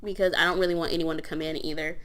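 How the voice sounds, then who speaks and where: A woman's voice: sits low, little pitch movement, very fast, a bit bright. A young woman narrating a life-sim let's play in a chatty, storytelling way with casual fillers. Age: young adult. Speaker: gameplay narrator.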